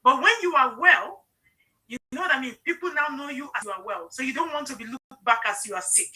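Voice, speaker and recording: A woman's voice: sits high, animated, a little fast, sharp tone, rough recording. A middle-aged woman hosting a live stream, talking earnestly and personally and often checking in with "okay?". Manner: emotional, personal storytelling. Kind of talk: casual live-stream sales talk.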